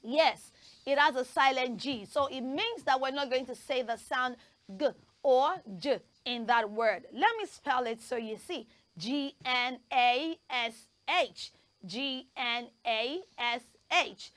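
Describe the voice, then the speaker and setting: A woman presenting a children's pronunciation lesson, spelling words out letter by letter and leading lively call-and-response drills. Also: sits high, slow pace, no echo.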